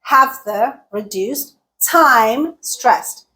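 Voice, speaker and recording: A woman teaching English pronunciation, modeling example sentences slowly and exaggerating the stressed words. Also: a little high, animated, pushed and bright. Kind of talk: slow, deliberate teaching.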